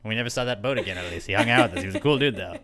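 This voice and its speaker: A man's voice: on the low side, very fast. A young man co-hosting a podcast, riffing with jokes and casual swearing. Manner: jokey, riffing banter with swearing. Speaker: podcast co-host. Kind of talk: casual chat.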